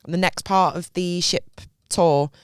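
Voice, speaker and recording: Young woman telling a holiday story on a podcast, smooth clear voice, bursts into squeals acting out her reactions. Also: on the low side, measured pace, no echo, clean studio sound. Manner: animated storyteller, acts out her own reactions. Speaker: podcast co-host. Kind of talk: casual chat.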